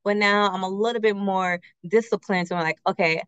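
A woman's voice: medium pitch, fairly even intonation, a little fast, fairly bright tone, clean tone, dry recording. A woman from a credit union presenting a casual workshop on budgeting with slides. She talks conversationally, uses everyday personal examples, and keeps checking in with "right?" and rhetorical questions. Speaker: credit union financial educator. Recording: slightly muffled, dry recording.

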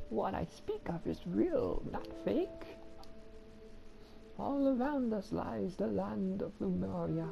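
A woman voicing a gentle, wise old woman sage, speaking slowly and softly as she reads game dialogue aloud. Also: medium pitch, gravelly, muffled recording, pitched above the performer's own voice, full character voice. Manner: slow, soft, solemn delivery.

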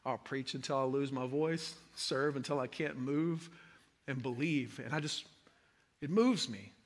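A man preaching a sermon as a pastor, swinging from hushed tones to impassioned shouting. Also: medium pitch, measured pace. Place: large church hall. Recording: long hall reverb.

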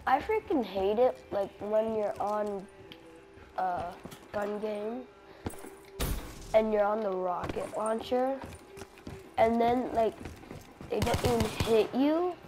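A young woman commenting casually on her online shooter match, chatty with sudden excited outbursts, tired and yawning with a slight cough. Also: medium pitch, slow pace, pauses often. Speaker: gamer. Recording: game music playing clearly behind.

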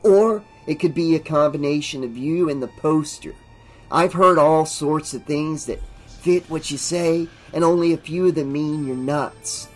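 A man's voice: a little slow, soft background music. A man doing an eerie, darkly amused guy. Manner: darkly amused, drifting into sinister low tones. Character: eerie amused young man, sinister and playful.

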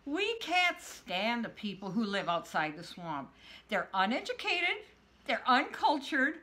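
Lady putting on whiny snooty swamp creatures, high swooping bright voice. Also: sing-song, a little slow, full character voice. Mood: haughty. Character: snobby offended swamp creatures.

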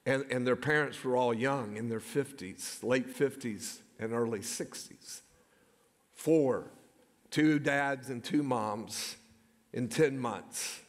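A man's voice: medium pitch, slow. A middle-aged man, a pastor preaching a sermon, telling personal stories and calling out to the congregation. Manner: storytelling, calls "come on, somebody". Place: church sanctuary. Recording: long hall reverb.

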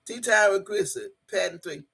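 A woman hosting a casual live stream, reading the chat out loud, swearing freely, laughing often and hollering in bursts. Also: medium pitch, normal speed, vocal fry, breathy edge. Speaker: livestream host.

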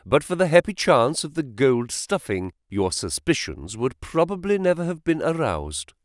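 Brisk male detective read by a man, animated delivery, dry studio. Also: a little high, dry recording. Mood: explaining. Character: sharp, brisk male detective, reasoning aloud. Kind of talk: audiobook character reading.

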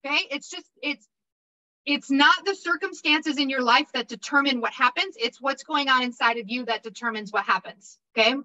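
Casting: high-pitched, bright woman, upbeat casual instructor, lo-fi recording. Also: moderate pace. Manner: upbeat, repetitive, checks in with 'okay?'. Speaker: insurance exam prep instructor. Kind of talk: casual motivational teaching.

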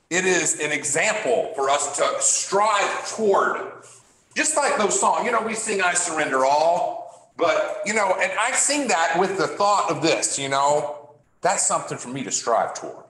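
A man leading a Bible class discussion, halting and repeating words as he asks the class questions. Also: a little high, fairly bright tone. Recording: echoey room.

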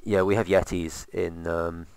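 A man's voice: low-pitched, level tone, a little slow, creaky, darkish tone, clean tone, no room sound. A man casually commentating while playing a game, rambling with sarcastic asides. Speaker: let's play host.

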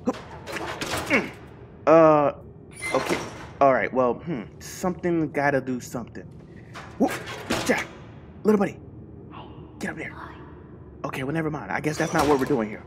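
A man playing a horror game with commentary, swearing a lot and yelping and shouting when startled, chatting to his game companion. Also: on the high side, expressive, moderate pace, long pauses, background noise. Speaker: gaming channel host.

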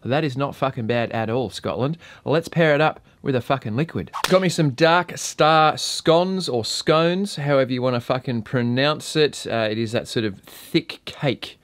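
A relaxed Australian man talks through a casual review and swears freely. His voice sits at a middle pitch and sounds dry and close, with no room echo. He keeps an easygoing, chatty pace. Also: normal speed, hardly any pauses. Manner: laid-back, swears freely. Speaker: vape and beer reviewer.

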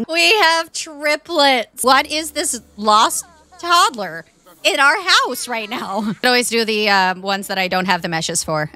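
A woman streamer giving excitable live commentary on a game, laughing often and exclaiming over what happens on screen. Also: medium pitch. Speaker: Twitch streamer.

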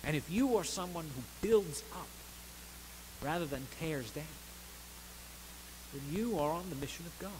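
Animated male pastor preaching. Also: on the high side, moderate pace, pauses often, noisy background. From United States. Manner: earnest preaching with swells of emphasis and soft drops. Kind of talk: sermon. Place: church sanctuary.

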